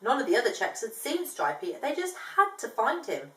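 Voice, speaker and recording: Woman, storybook reader, fairly high voice, animated, chatty asides, echoey room, a little far from the mic. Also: moderate pace. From from outside Australia, now living there. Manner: animated, voices dialogue with higher pitch, chatty explanations to a child. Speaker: storyteller reading a picture book. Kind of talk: children's picture book read-aloud with asides.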